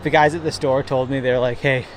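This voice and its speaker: A man's voice: mid-range voice, steady tone, brisk, a little hiss or hum. A young man recording a casual trail diary outdoors by a river, rambling and self-deprecating, with lots of swearing and fillers. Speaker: thru-hiker vlogger. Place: outdoors by a river near a town.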